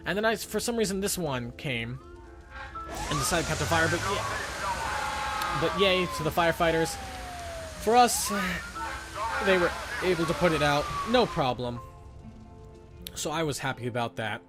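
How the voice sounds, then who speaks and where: A young man chatting his way through a gameplay recording in a loose, rambling style. He keeps acting out his own thoughts as quotes and drifts from point to point. Game music plays clearly behind his voice. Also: a little high, unhurried, pauses often. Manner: rambling, self-narrating with quoted inner thoughts. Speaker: gameplay commentator. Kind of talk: casual gameplay commentary.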